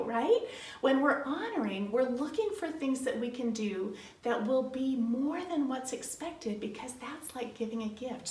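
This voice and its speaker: A middle-aged woman gives a bright, sing-song lesson to young children, acting out little family scenes as she goes. Her voice sits high, and the recording sounds roomy and a bit off the mic. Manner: animated, sing-song, acts out family dialogue. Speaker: children's ministry teacher. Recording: roomy, from some distance off the mic.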